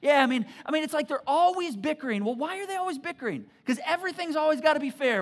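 A pastor preaching a sermon, telling family stories with animated, repetitive emphasis. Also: male voice, very high voice, fast.

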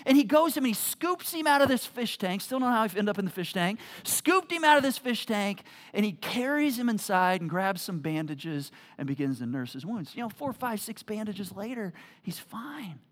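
A man pastor telling a personal story in a sermon, with many stumbling restarts and a low, soft voice for serious points. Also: big pitch swings, a little fast, few pauses.

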